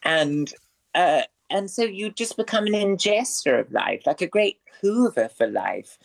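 A man's voice: sits high, a little slow, gravelly. Florid, theatrical man being interviewed. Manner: lively, expressive delivery. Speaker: guest. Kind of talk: radio interview.

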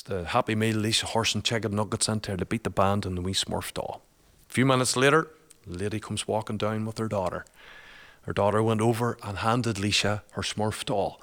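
Guy telling a story, lowish voice, laughs a lot, very chatty. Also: a bit bright. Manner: chatty, laughs often, colloquial. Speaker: guest, father. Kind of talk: personal storytelling in conversation.

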